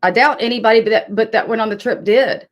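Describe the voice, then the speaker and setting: A woman's voice: fairly high pitch, fast. Chatty woman hosting a livestream. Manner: chatty, reads and answers chat, swears when annoyed. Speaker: livestream host. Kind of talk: casual livestream chat.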